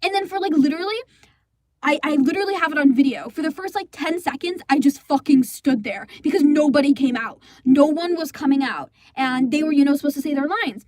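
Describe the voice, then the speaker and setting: A high-pitched, indignant teenage girl, voiced by a woman rambles through her storytime with exasperation and frequent swearing. The sound is close and dry, like a home booth for a fan comic dub. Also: animated, brisk, darkish tone, no room sound. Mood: rambling. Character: indignant teenage girl recounting a school play disaster.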